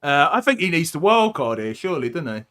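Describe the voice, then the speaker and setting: A middle-aged man from the United Kingdom co-hosting a podcast stream, chatting in an animated, jokey way and often talking over his co-host. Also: fairly high pitch, a little fast, clean tone. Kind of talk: casual chat on a live stream.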